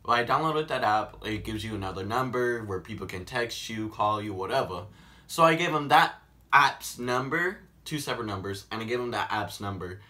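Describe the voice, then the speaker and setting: A man telling a story in a casual vlog, animated and sarcastic. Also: lowish voice, moderate pace. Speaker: vlogger.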